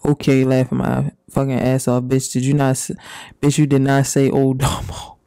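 A man doing casual, profane reaction commentary and reading messages aloud, with drawn-out reactions. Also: medium pitch, monotone, creaky, warm tone, clear, resonant tone, no room sound. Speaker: commentary YouTuber.

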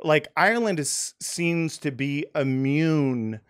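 A man with a somewhat high voice hosts a relaxed podcast interview. He rambles and hesitates, circling back with fillers and false starts as he thinks aloud. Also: slow pace, clean tone. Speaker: podcast host. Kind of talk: casual interview chat.

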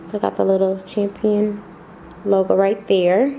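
A woman's voice: medium pitch, little pitch movement, a little slow, creaky, mellow, a little hiss or hum. A woman vlogging casually at home, chatty and slangy, laughing often. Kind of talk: casual vlog chat.

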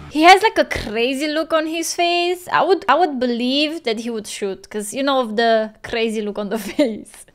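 A woman's voice: on the high side, normal speed, hardly any pauses, faint music behind. A woman hosting a movie reaction video, chatting casually, laughing often and tripping over her words. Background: film audio playing faintly.

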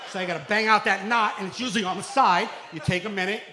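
A stand-up comedian, telling stories loudly on a club stage, acting out quotes and shouting punchlines. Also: male voice, high-pitched, fairly even intonation, quick pace. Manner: loud storytelling with acted quotes, shouting punchlines. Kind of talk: stand-up set. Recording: echoey club room, faint noise.

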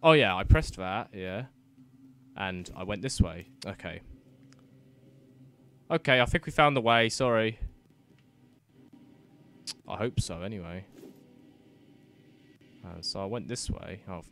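A young man talks through a video game, flustered and apologetic, muttering curses between sudden loud yelps. His voice sits fairly low but swings widely in pitch. Faint game ambience hums behind him. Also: lively intonation, slow, long pauses, slight background noise. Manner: flustered, self-mocking, swears under his breath, sudden loud outbursts. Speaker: gaming commentator. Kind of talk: let's-play commentary.

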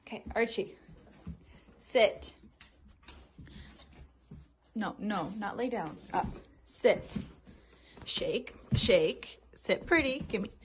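Young woman coaxing her dog, slow. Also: mid-range voice, lively intonation, a little hiss or hum, low-quality recording. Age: 20s. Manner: coaxing commands in a raised pet-talk voice; quiet chatty asides to the camera. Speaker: vlogger. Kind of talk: casual vlog, training her dog. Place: home, indoors.

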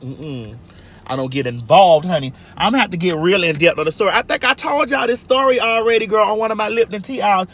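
A woman's voice: mid-range voice, brisk, slight background noise. A woman telling stories in a casual vlog from a moving car, brassy and profane, calling her listeners girl and honey. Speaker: vlogger.

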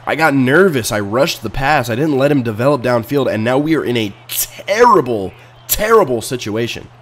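A man casually commenting on his own video game match, excitable and swinging between low muttering and sudden loud outbursts. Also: normal speed. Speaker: video game player and channel host. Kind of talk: casual let's-play commentary.

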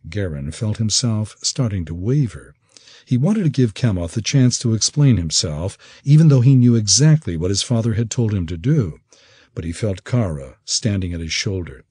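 A man reading an audiobook in expressive, measured scripted narration. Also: fairly low pitch, slightly rough, dry recording.

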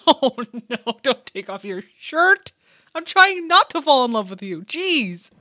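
A woman's voice: high-pitched, sing-song, a little slow, pushed and bright, no echo. A woman hosting a casual movie reaction, exclaiming and laughing often as she comments.

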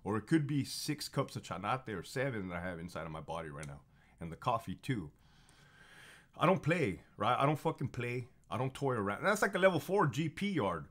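A fired-up man in his thirties tells his stories in a blunt, profane monologue. He repeats phrases for emphasis. His pitch swings widely as he gets confrontational. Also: sing-song, a little fast, a bit bright. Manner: heated and confrontational. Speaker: former prison officer telling stories. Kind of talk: casual monologue storytelling.

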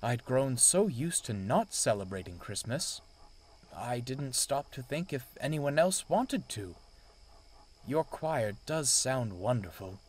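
A man's voice: medium pitch, very animated, slow, a little mellow. A man voicing a grumpy old male steam engine who talks in a curt, snappish way. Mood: remorseful. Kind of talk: storybook voice acting.

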